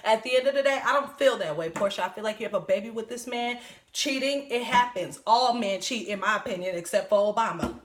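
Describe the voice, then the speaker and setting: Her voice sits a little high as she chats through the recap, blunt and unfiltered, with plenty of swearing and quick asides. The sound has a noticeable echo, like a bare room. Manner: blunt, profane, chatty, laughs often. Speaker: reality TV recap vlogger. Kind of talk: casual show recap commentary.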